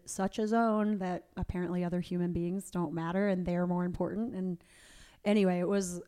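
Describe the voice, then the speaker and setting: A woman hosts a casual interview podcast with a mellow, relaxed tone. She tells stories in a chatty, animated way. She acts out what other people said. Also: lowish voice. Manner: chatty, animated storytelling with quoted voices. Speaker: podcast host; powerlifting coach and competitor.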